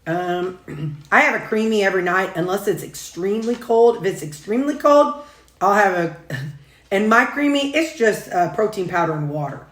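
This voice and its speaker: A woman's voice: mid-range voice, animated, normal speed, fairly bright tone. A woman, chatting casually as a food vlogger while she eats, in a folksy, rambling way with frequent chuckles. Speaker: food and weight-loss vlogger. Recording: echoey room.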